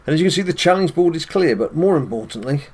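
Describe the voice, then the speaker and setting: A man's voice: on the high side, expressive, fast talker, darkish tone, husky. A British man hosting casual gameplay commentary, chatty and addressing viewers directly, chuckling often. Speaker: gaming channel host.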